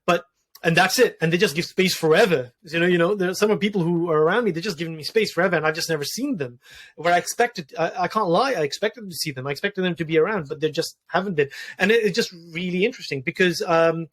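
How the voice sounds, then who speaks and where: Earnest man, slightly high voice. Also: fast, fairly bright tone. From Wales. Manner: earnest, many restarts and repeated words. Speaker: podcast guest, doctor. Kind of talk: reflective personal conversation.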